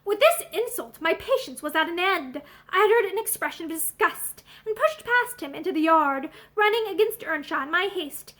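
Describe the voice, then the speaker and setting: High, lively woman reading aloud. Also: moderate pace, hardly any pauses. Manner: expressive, animated reading. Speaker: audiobook reader. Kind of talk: reading a classic novel aloud.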